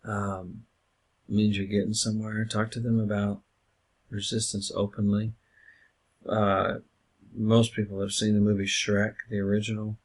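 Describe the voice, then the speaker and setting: In a recorded lecture, a counseling instructor teaches his class in a casual, conversational way, using plenty of filler words. His lowish voice stays monotone at a moderate pace, broken by long pauses.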